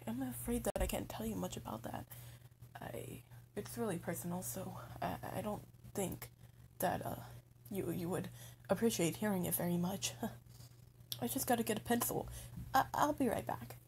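A woman's voice: medium pitch, moderate pace, slight background noise, lightly acted. A woman playing a stuttering, shy undead youngster. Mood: shy, hesitant. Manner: stuttering, hesitant, soft-spoken. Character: shy, lonely undead young being, timid and anxious. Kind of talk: POV role-play addressed to the listener.

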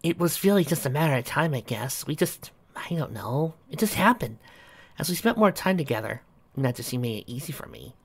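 A man's voice: a little high, expressive, brisk, breathy edge, voice pushed up. A man voicing an earnest young female unicorn pony who speaks a little hesitantly.

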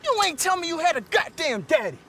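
A man's voice: extremely high pitch, sing-song, a little fast, a bit bright, full character voice. A man doing a sleazy fake-French photographer. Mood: panicked. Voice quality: breathy French put-on voice full of hesitations. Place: outdoors in the woods. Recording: distant mic with outdoor noise.

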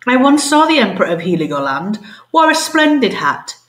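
A woman's voice: medium pitch, sing-song, a little fast, echoey room, pitched above the performer's own voice, close to an everyday voice. A woman voicing a chatty, boastful male dog chewing a treat.

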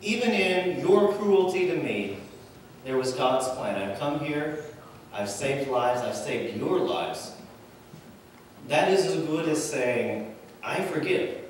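A male pastor preaching a sermon, with dramatic pauses and swells and drops in volume. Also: medium pitch, lively intonation, a little hiss or hum. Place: church sanctuary. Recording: echoey church hall from far off, faint ambience.

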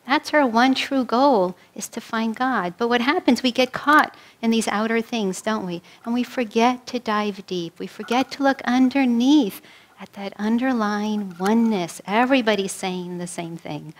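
A New York City minister, a woman with a slightly high voice, leads a guided prayer and tells stories during a sermon. She is slow and soothing while praying and grows livelier when she tells her stories.

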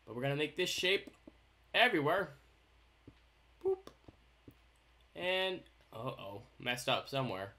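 A young man talks through a game build in casual let's-play commentary. His voice is bright and bouncy, with pitch that swings widely. He keeps up a goofy, playful stream of jokes aimed at himself. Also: very animated, unhurried, pauses often. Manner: goofy, playful, jokey self-talk. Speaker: gaming YouTuber host.

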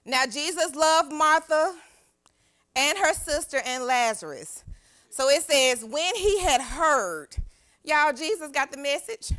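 With a high, expressive voice that's bright and forceful, a young youth pastor preaches slowly. Her sermon is exuberant, full of call-and-response with the church congregation.

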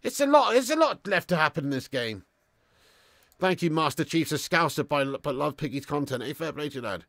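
A man runs a live football watch-along, cursing freely, lurching from shouts to low mutters and reading viewer messages aloud. He sounds animated and talks a little fast, and the recording is studio quality with no echo.

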